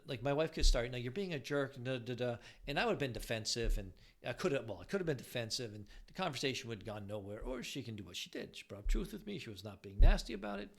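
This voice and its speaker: A man's voice: medium pitch, sing-song, fast talker, gravelly, few pauses, a bit bright, husky. An older man, married for decades, giving casual relationship advice, rambling with frequent restarts.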